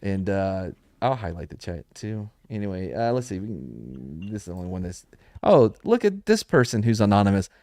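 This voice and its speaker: A man's voice: low voice, expressive, brisk, hardly any pauses, darkish tone, no echo. A young man hosting a podcast in a rambling, joking casual chat, laughing often. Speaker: podcast host.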